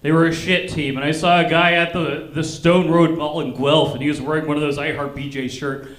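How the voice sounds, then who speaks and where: A man's voice: a little high, fairly even intonation, brisk, fairly bright tone. A man doing stand-up at a comedy club, with dry observational jokes. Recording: roomy club sound, live stage mic.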